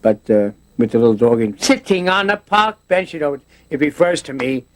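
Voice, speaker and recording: A man's voice: fairly high pitch, big pitch swings, a little fast. Rambling man telling stories. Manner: rambling, with many restarts and put-on voices. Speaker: interviewee. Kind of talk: casual storytelling interview.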